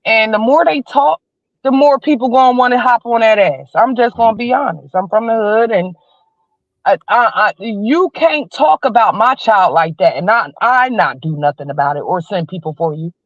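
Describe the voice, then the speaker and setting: A woman's voice: fairly high pitch, lively intonation, moderate pace, no room sound. Blunt slangy woman in her 40s calling into a livestream, heated commentary, kinda dull dry audio. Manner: blunt, emphatic slangy talk. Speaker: guest on a livestream.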